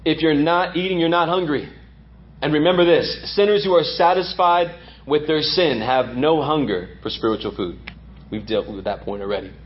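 A man's voice: on the high side, normal speed, highs cut off. A man preaching a sermon as pastor, emphatic and repeating lines for effect.

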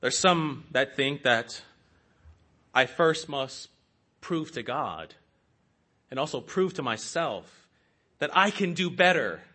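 A man's voice: mid-range voice, animated, takes it slowly, long pauses, sharp tone, husky. A man preaching a sermon in an earnest, rhetorical way, calling his listeners saints.

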